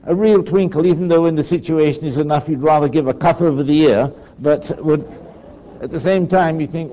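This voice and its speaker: A man's voice: a little high, brisk, dark tone. An older man giving a rambling, chatty talk, often asking his listeners to agree. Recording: dull lo-fi recording.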